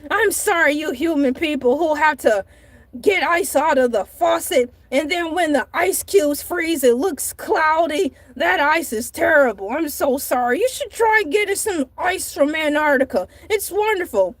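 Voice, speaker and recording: A bragging cartoonish shark man, voiced by a woman rambles on in a very high, squeaky voice. He sounds giggly and full of himself. The sound is dry and close, with no room around it. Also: lively intonation, a little slow, no room sound. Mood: boastful. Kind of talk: comedic character vlog.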